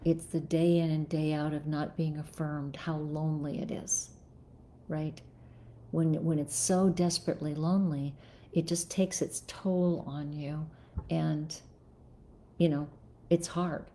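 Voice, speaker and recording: A woman's voice: low-pitched, flat delivery, unhurried, warm tone. A middle-aged woman psychologist answering viewer questions on a live stream, thoughtful, with many fillers and restarts. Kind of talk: live-stream advice talk, reading viewer comments.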